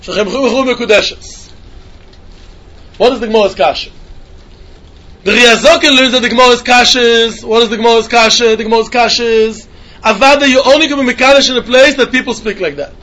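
A man teaches a Talmud lesson in yeshiva style. His voice sits very high and he talks at a rapid clip. He slips into a sing-song study chant as he explains the text. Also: pushed and bright. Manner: quick sing-song study chant, mixing English with Hebrew and Yiddish.

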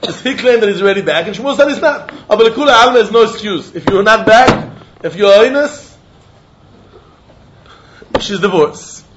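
Animated man teaching Talmud. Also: high voice, moderate pace, pauses often, background noise. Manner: animated, acts out quotes, mixes in Yiddish and Hebrew terms. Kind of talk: Talmud lesson. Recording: dull lo-fi recording.

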